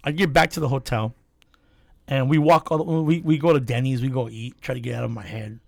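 A man's voice: medium pitch, a little fast, vocal fry, dry recording. A man hosting a casual podcast, telling a story with lots of swearing and acted-out quotes. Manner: animated, acts out quotes, swears freely.

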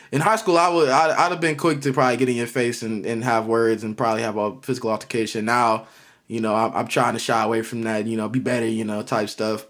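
A young man co-hosts a loose podcast conversation. He talks in a relaxed, reflective way, full of fillers. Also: mid-range voice. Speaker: co-host. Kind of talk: casual podcast chat.

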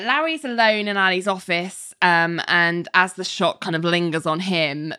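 Chatty low-voiced woman, dry sound. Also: a bit bright, no echo. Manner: chatty storytelling, laughing often, many "um" and "like". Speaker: podcast co-host recapping a TV episode. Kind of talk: casual chat, episode recap.

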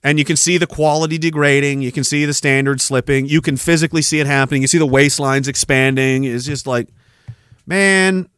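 A man's voice: on the high side, steady tone, brisk, a bit bright, smooth, no room sound. A man, hosting a podcast in a profane, sarcastic ranting monologue. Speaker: podcast host.

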